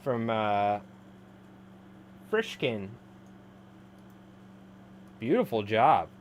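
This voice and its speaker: A man's voice: lowish voice, very animated, extremely slow, slight background noise. Rambling, laughing male streamer. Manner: rambling, laughs a lot, says "like" often. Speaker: live-streaming fly tyer. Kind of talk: casual live-stream chat.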